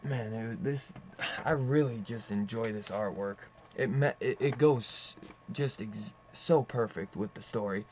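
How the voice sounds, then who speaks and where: Excitable young man rambling about comics. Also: on the low side, measured pace. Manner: excitable, rambling, swears and says "dude" a lot. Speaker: comic book reviewer. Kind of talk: casual enthusiastic review. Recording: slightly dull lo-fi audio with faint hiss.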